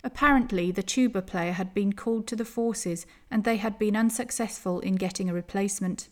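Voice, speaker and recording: A woman reading a first-person memoir aloud in a measured, careful way. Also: mid-range voice.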